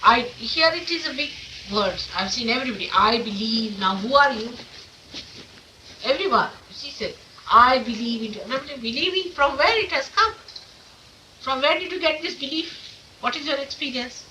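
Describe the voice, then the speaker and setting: A woman's voice: high voice, animated, normal speed, pushed and bright. Emphatic woman teacher on an old distant tape. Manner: emphatic, full of rhetorical questions. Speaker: spiritual teacher. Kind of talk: informal talk to followers. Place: meeting room of an ashram. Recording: distant mic with faint hiss, old 1979 tape.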